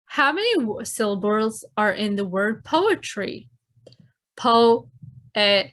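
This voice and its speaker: Woman teacher, slow and clear, speaking to kids in a recorded lesson. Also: mid-range voice, sing-song, a bit bright. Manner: clear, explanatory, addresses children.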